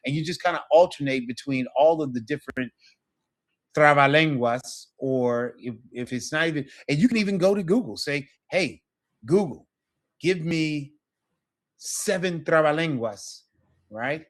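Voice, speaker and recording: A man with a fairly high-pitched voice teaches an online Spanish class at normal speed. Patient in his explanations, he checks in with his learners again and again.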